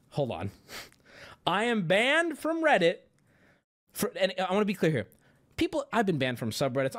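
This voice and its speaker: A man's high, bright voice swings widely as he rants on stream. He is exasperated and profane but mocks himself too, and breaks into bursts of laughter. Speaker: livestreamer. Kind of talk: ranting stream monologue.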